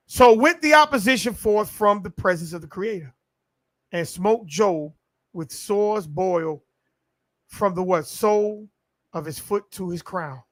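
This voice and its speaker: A man's voice: sits high, a bit bright, dry recording. A man preaching a sermon in call-and-response style, stretching words and building to peaks.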